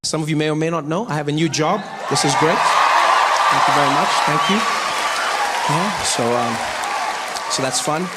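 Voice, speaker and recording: A man doing stand-up comedy on a stage, animated and acting out voices and sounds. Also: a little high, normal speed, long pauses, over a noisy crowd, very noisy. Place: comedy stage before audience.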